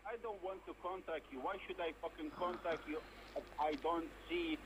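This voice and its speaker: A man's voice: a little high, fairly even intonation, moderate pace, a bit bright, slightly rough, no echo, low-quality recording. A man on the phone in a heated argument, angry and insulting, speaking broken English. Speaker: caller.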